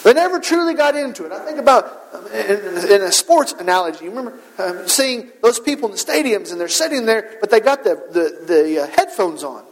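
A man's voice: sits high, very animated, a little fast, hardly any pauses. A man preaching a sermon to his congregation, earnest and emphatic, firing rhetorical questions and repeating his points. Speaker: pastor. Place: church sanctuary. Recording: long hall reverb.

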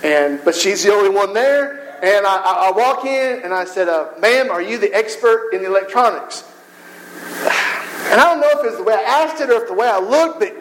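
A man delivers a sermon in a notably high-pitched voice. He tells stories with animation and slips into the voices of the people he quotes. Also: animated, moderate pace, fairly bright tone, a little hiss or hum, poor audio. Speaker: preacher.

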